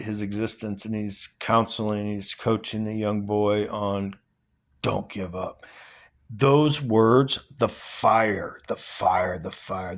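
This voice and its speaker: A man reading a passage aloud, then reflecting on it in an earnest, rambling way. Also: lowish voice. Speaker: vlogger.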